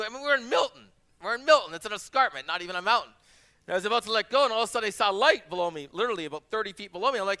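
A man's voice: high voice, very fast. A man in his forties, a pastor preaching a sermon, telling personal stories and repeating phrases for emphasis. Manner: animated storyteller, acts out quoted voices.

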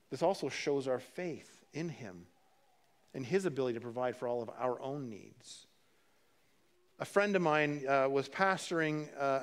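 Male pastor, slightly higher voice, chatty preaching with restarts and dry humor. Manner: conversational preaching with repeated words and restarts. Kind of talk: sermon.

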